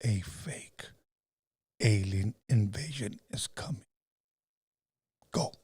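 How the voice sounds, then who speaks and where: Guy doing a deep slow announcer voice, husky, kinda ominous, dry mic. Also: expressive, a little mellow, no room sound. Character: grave deep-voiced movie announcer man.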